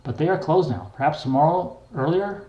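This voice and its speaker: Guy doing a quick high-voiced guru, british-ish accent, echoey room. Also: dull audio, natural voice. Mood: brisk. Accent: British-style. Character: Indian male temple guru, brisk and helpful.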